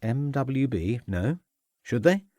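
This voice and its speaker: A man's voice: medium pitch, sing-song, takes it slowly, warm tone, dry recording, clean studio sound. A man reading an audiobook, voicing a nervous, defensive middle-aged male suspect who protests and evades. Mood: bewildered. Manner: agitated, protesting, evasive.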